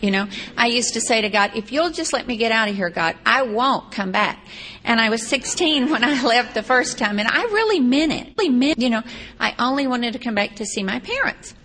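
A woman's voice: a little high, animated, fairly quick, fairly bright tone. Chatty woman telling a story. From Texas. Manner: rambling, chatty, wry asides. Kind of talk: personal storytelling. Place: seated on a stage or chair.

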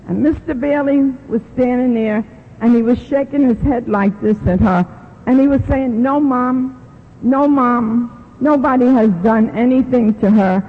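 Husky New woman telling her story. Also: medium pitch. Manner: animated, acts out quoted voices. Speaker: speaker at a recovery meeting. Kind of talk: personal testimony storytelling. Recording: lo-fi recording in a reverberant hall.

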